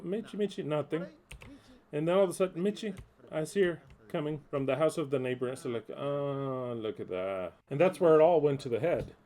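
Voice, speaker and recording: A man preaching in an informal way, telling a story in an animated, candid style with coarse words and frequent restarts. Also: mid-range voice.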